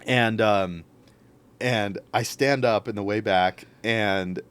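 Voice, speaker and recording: A man's voice: fairly low pitch, takes it slowly, smooth. A young man, a podcast guest, telling a story casually and acting out what others said. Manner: animated, acts out quotes.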